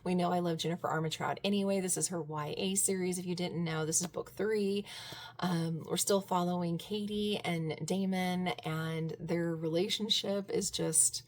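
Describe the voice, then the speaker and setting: A woman talking casually about books in her vlog, gushing and excitable, breaking into squeals and laughter. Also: on the low side, normal speed. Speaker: book vlogger. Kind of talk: casual book review vlog.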